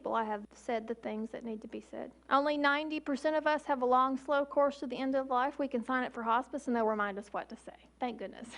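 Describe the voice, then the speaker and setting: Woman in her 40s, er doctor giving a talk, high voice, leans hard on words, slow pauses. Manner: emphatic, with slow deliberate pauses. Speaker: emergency physician speaker. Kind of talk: public talk.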